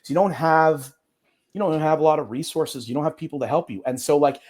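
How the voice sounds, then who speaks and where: A man's voice: fairly high pitch, brisk, darkish tone. A man, an attorney guest on an interview podcast, talking casually in a rambling way with many fillers and restarts.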